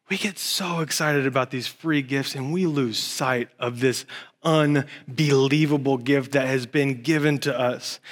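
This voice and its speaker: A man in his thirties preaching a sermon in a church, moving from low earnest passages to excited, high-pitched bursts. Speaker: pastor.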